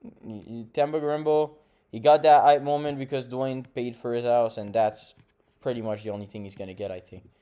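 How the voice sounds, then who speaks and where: A man's voice: medium pitch, steady tone, a little fast, dark tone, clean tone. Blunt, rambling young man recapping fights. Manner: rambling, self-correcting, blunt opinions. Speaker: MMA podcast host. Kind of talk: casual fight recap monologue.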